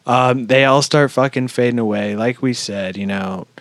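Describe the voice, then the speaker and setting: A man in the middle of his range, talking fast and loose, full of swearing and bursts of excitement as he retells scenes. The sound is dry and close, with no room around it. He sounds like a podcast co-host in casual chat. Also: medium pitch, dry recording. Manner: excitable, heavy swearing, lively storytelling. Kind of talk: casual movie review chat.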